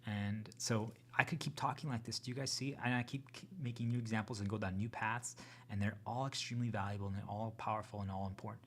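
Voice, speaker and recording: A man hosting his own channel, talking to viewers in an earnest, rambling, unscripted monologue full of restarts, sometimes dropping to a hushed whisper. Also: lowish voice, fairly even intonation, quick pace. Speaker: channel host.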